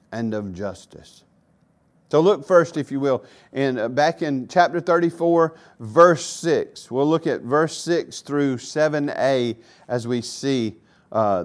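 Male pastor mid-sermon in a church, emphatic, repeats key phrases, dynamic from soft to loud. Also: mid-range voice.

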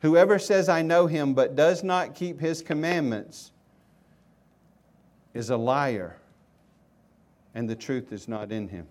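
Emphatic male preacher swinging loud and hushed. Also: a little high, slow, long pauses. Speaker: pastor. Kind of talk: sermon. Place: church sanctuary.

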